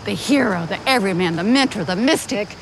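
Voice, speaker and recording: A woman's voice: medium pitch, expressive, quick pace, noisy background, close to an everyday voice. An actress playing a manic, self-involved middle-aged artist mother who talks nonstop in a TV drama scene.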